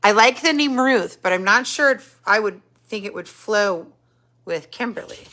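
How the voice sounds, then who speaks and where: A woman's voice: mid-range voice, animated, normal speed, pushed and bright. A middle-aged woman hosting a casual live stream, greeting viewers by name and chatting about their comments while she thinks aloud. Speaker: podcast host reading live chat comments.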